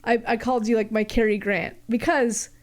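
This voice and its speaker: A woman's voice: fairly high pitch, fairly even intonation, normal speed. A woman in her thirties from Arizona with an American accent, co-hosting a podcast and telling stories in a chatty way full of fillers. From Arizona, United States. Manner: chatty storytelling with many fillers. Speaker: podcast co-host. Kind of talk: casual chat.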